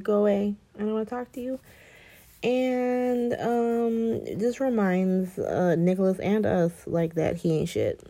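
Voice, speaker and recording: A woman recapping soap opera episodes in a gossipy, animated chat, acting out the characters' lines. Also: medium pitch, vocal fry. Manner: gossipy, animated, quotes characters in mock voices, laughs often.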